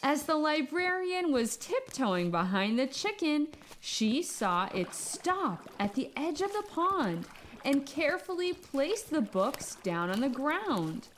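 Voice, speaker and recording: A woman hosting a children's podcast, telling stories and jokes in a playful, expressive way. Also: sits high, slow pace, slight background noise.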